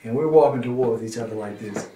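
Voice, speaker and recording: A man telling a story in a prison visitation room, acting out the scene and sometimes dropping to a hush. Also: medium pitch, fast talker, a little hiss or hum. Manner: acts out scenes and voices, drops to hushed tones. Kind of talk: animated storytelling. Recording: roomy echo, faint guitar music.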